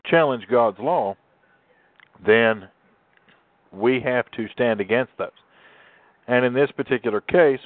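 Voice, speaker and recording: A man's voice: on the low side, no echo. A man hosting a talk show, a pastor speaking with emphatic, sermon-like conviction and drawing out key words. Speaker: host and pastor. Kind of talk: preachy radio talk. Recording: tinny phone line, dry.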